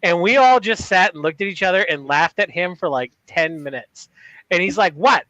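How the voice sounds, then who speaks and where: A man from Michigan's Upper Peninsula tells a story in casual podcast chat. His voice is fairly high and bright, and the sound is dry and close. He swears freely and restarts his sentences. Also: moderate pace, no echo, highs cut off. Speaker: podcast co-host.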